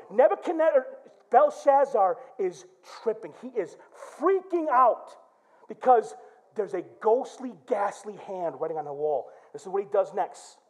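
A male pastor from Michigan preaching in church, telling a story with lively acted-out quotes and shouts. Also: very high voice. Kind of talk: sermon.

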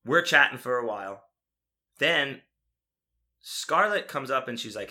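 Brief: young man, very bright tone, lively profane storyteller, casual podcast chat. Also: medium pitch, measured pace, long pauses. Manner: profane, animated storytelling with acted-out quotes.

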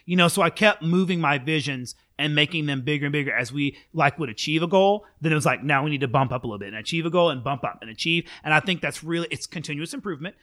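Chatty man with a higher voice. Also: no echo, clean studio sound. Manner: chatty and animated, many fillers. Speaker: middle school band director. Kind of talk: casual interview chat.

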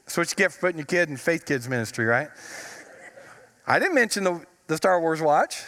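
A slightly high male voice with big pitch swings and a sharp tone delivers a brisk sermon. The pastor tells humorous stories and draws out words for emphasis, recorded with a church sanctuary's long reverb.

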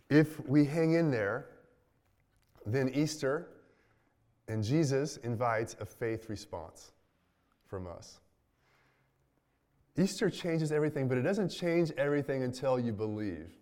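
Male pastor, mid pitch, casual preaching style with frequent restarts. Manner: conversational, many restarts, dips quiet at line ends. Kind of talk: sermon.

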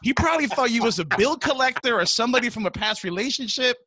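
Lively teasing man on a podcast. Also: extremely high pitch, quick pace, no room sound. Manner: joking, teasing banter. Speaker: podcast co-host. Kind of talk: casual chat.

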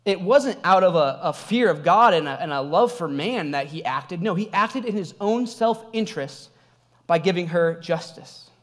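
A young adult man, a pastor, preaching a sermon in a conversational, animated way, telling a personal story with laughs. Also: high-pitched, normal speed.

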